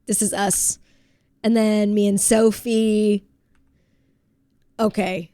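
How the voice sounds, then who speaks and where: A woman streams from home with a stuffy head cold and chats casually with her viewers. She giggles often and reads their messages aloud. Her voice sits at a middling pitch on a dry, close mic. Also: level tone, slow pace, warm tone, dry recording. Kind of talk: casual chat with chat.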